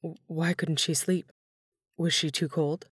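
Woman voicing a subdued, breathy underworld god. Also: low-pitched, steady tone, unhurried, no room sound, studio quality, exaggerated voice. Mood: troubled whisper. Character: huge troubled male god of the dead, tender.

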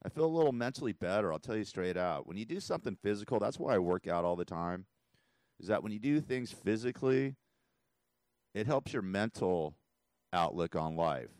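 A man's voice: lowish voice, lively intonation, a little fast, darkish tone, no echo. A man hosting a talk radio show, rambling and emotional in a casual monologue, often laughing, from a studio mic.

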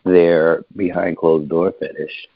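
A man's voice: low-pitched, little pitch movement, slow, creaky, dry recording, phone-quality sound. A man co-hosting a casual chat, blunt, crude and teasing, laughing a lot.

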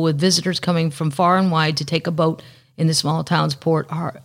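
A woman's voice: low voice, creaky. A woman hosting a solo podcast, chatting casually and rambling, swearing freely and dropping into whispers. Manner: chatty, profane, rambling, with sudden soft whispered asides. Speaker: podcast host.

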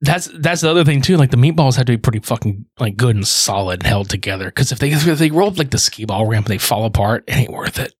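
A man's voice: mid-range voice, animated, quick pace, hardly any pauses, breathy edge. A man co-hosting a casual podcast chat in a laid-back, profane, joking way.

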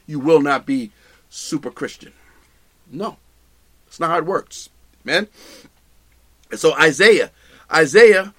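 A man's voice: sits high, bright, forceful tone. A man preaching a sermon, emphatic and repeating his phrases for stress.

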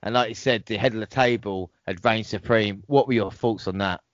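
A man's voice: lowish voice, fairly quick, no echo, dull audio. A man hosting a podcast, reading out match results and reacting with laughs and swearing. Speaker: podcast host. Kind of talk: casual wrestling recap chat.

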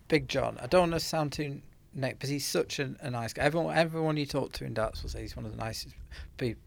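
A man's voice: mid-range voice, quick pace, vocal fry. A man giving darts betting tips in casual podcast chat, hesitant with many restarts. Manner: hesitant, restarts, laughs along. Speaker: darts pundit.

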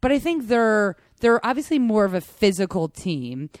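A woman from the United States co-hosting a casual sports chat, animated and chatty, often restarting her sentences. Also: mid-range voice, normal speed, no echo, clean studio sound. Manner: chatty, animated, self-interrupting. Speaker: podcast co-host.

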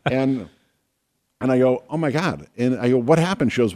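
A man co-hosting a talk show, chatting casually and telling a funny anecdote with deadpan humor. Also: medium pitch, normal speed. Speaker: podcast co-host, doctor. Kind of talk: casual chat, storytelling.

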